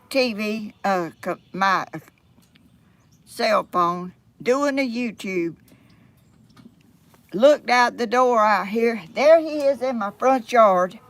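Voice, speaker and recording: A woman's voice: medium pitch, fairly bright tone. An older woman from Georgia with a Southern accent, chatting in a folksy, rambling way to her camera at home. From Georgia, USA. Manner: folksy, rambling, exclaims often. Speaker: vlogger. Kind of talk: casual chat to camera. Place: at home by a yard.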